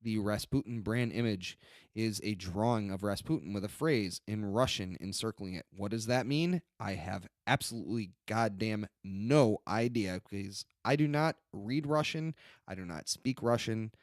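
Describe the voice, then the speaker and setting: A man's voice: fairly low pitch, normal speed, no room sound. Young guy on a beer podcast, rambly, lots of uhs, dry close sound. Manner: rambling, many fillers and restarts, reads descriptions aloud. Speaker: podcast co-host reviewing beers. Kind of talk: casual beer-tasting podcast chat.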